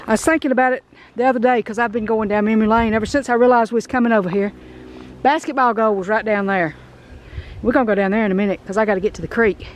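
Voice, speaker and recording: A middle-aged woman with a Southern US accent hosts a vlog, walking outdoors through an abandoned house and chatting in a folksy, emotional way. Her voice is a little high and steady, and she talks fast.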